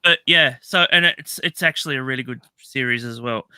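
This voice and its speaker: A man's voice: mid-range voice, brisk, pushed and bright, clear, resonant tone, no echo. A man hosting a casual chat about films, rambling, laughing often and acting out quotes. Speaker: podcast host.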